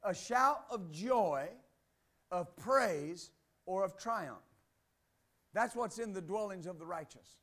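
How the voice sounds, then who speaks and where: Male pastor with a strikingly high voice, preaching exuberantly, bursts of laughter, loud and soft in turn. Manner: exuberant preaching, swinging between loud declarations and quiet asides; laughs between points. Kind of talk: sermon.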